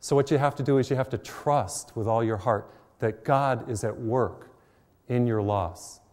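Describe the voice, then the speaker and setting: A man's voice: medium pitch, normal speed, a little mellow, in a large hall. A middle-aged man, a priest, giving a conversational televised sermon full of personal stories, recorded in a church. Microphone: mic while facing cameras.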